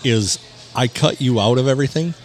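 A man's voice: mid-range voice, fairly quick, a little hiss or hum. A man hosting a casual podcast, laid-back and teasing his co-host in a dry way.

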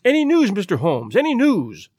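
A man reading the part of an excitable, insistent government secretary, his voice lifting high and loud. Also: moderate pace, no echo, clean studio sound. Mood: agitated.

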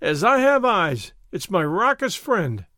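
Brief: narrator doing an idle, well-bred gentleman, lightly mocking, high lively voice. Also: fairly quick, no echo, studio quality. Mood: languid. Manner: leisurely, mildly teasing, refined. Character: languid young male nobleman, mild and mocking. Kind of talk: audiobook character reading.

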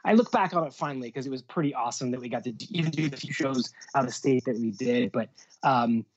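A man's voice: medium pitch, fast. A man telling stories from his music industry career in a casual interview, rambling with many fillers and restarts. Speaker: music booking agent guest. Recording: dull lo-fi sound.

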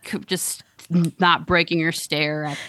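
A woman's voice: deep voice, unhurried. A woman co-hosting a casual chat, recapping a TV episode with lots of laughter and quoted lines. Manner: animated, laughs often, acts out lines in quotes. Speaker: podcast co-host.

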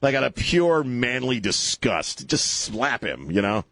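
Brash talk radio host, dry studio. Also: male voice, medium pitch, big pitch swings, unhurried, gravelly, fairly bright tone, no room sound. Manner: brash, mocking, laughs at his own jokes. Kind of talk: call-in talk radio rant. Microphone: studio microphone.

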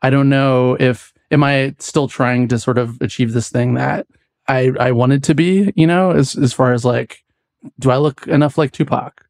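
A man's voice: medium pitch, normal speed, gravelly, no room sound, studio quality. A young adult man from the US West Coast, a podcast guest talking casually, loose and rambling with frequent laughs. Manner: relaxed, rambling, laughs often. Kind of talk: casual chat.

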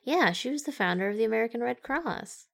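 A woman's voice: on the high side, animated, brisk, creaky, fairly bright tone. Giggly woman co-hosting a podcast. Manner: giggly, amused by her own jokes. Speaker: podcast co-host. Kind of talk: casual movie-review chat.

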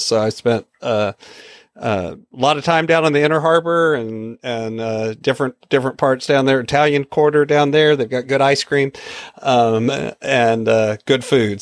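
A man from Texas who hosts a podcast and interviews his guest in a relaxed, rambling way, often chuckling. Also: mid-range voice, dry recording, clean studio sound. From Texas, USA. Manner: rambling, many fillers and restarts, chuckles. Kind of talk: conversational interview.

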